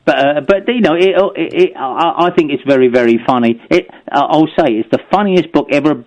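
A man's voice: fairly high pitch, brisk, a little mellow, poor audio. A man, chatting as a radio guest, rambling with stammering restarts and frequent chuckles. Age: 50s. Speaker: guest, broadcaster and author. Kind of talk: casual radio chat.

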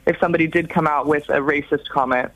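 A woman's voice: sits low, steady tone, quick pace, a bit bright, no echo. A woman researcher answering an interview question in a careful, earnest way. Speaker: studio guest, extremism researcher. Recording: dull, dry remote line.

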